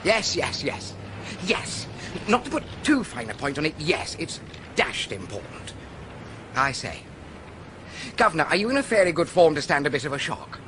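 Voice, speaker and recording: An actor playing a breezy, flustered young aristocrat with an upper-class English accent in a radio drama. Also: male voice, fairly high pitch, very animated, moderate pace, long pauses, background noise. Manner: gushing, fidgety slang.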